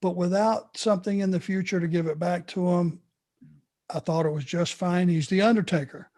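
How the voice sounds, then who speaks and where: A man's voice: high voice, fairly even intonation, normal speed, mellow. An older man telling wrestling stories in a casual chat, laughing as he goes. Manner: laughs through his stories. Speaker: former wrestler answering fan questions. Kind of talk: casual storytelling.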